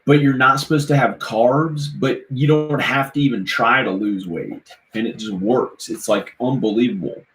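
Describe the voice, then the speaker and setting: A man's voice: medium pitch, a bit bright. A man vlogging on a live stream, rambling in casual chat and chuckling at his own silly rhymes. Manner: rambling, laughs at own silly rhymes, slow sing-song chanting. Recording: roomy echo, faint background noise.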